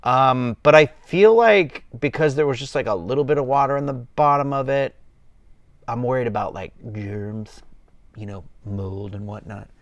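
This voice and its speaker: A man's voice: mid-range voice, steady tone, normal speed, dry recording, lo-fi sound. A man with a loose Southern US accent hosting a casual livestream from home, chatting in a rambling way full of fillers and restarts. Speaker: livestream host. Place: at home, sipping a cocktail on camera.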